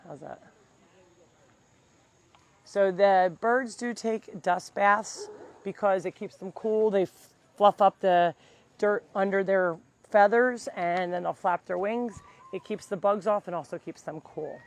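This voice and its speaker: A woman's voice: medium pitch, slow, long pauses. A woman who runs an animal sanctuary, chatting casually on a live tour outdoors and cooing at the animals. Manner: chatty, talks baby-talk to animals. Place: outdoors on a farm. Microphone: handheld mic.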